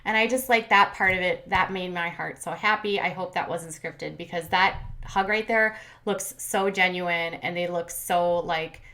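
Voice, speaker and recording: Bright-voiced woman recapping reality TV. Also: on the low side, measured pace, few pauses. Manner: chatty, lots of fillers and retold quotes. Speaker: commentary channel host. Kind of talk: casual recap commentary.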